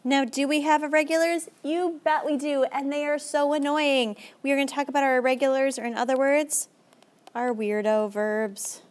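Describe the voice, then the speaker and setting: A young adult woman with a fairly high voice, talking a class through a recorded lesson. She is brisk and chatty and keeps encouraging her students. Her pitch jumps around as she explains. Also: steady tone. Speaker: Spanish teacher.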